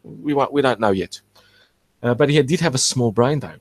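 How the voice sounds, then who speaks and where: A man hosting an archaeology channel, talking through fossil features in a rambling, halting, self-correcting way. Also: mid-range voice, slight background noise. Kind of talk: casual explanatory commentary.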